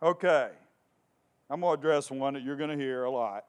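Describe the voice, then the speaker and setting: At a brisk pace and medium pitch, a man preaches fervently, hammering phrases through repetition while alternating quiet, hushed moments with shouting.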